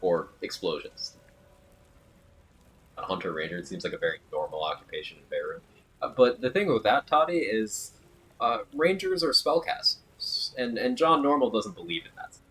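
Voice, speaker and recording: Here's a man with a fairly low, slightly bright voice with a breathy edge and lively intonation, speaking at a moderate pace. While streaming a game, he chats casually and jokes, reading chat aloud. Audio quality is poor.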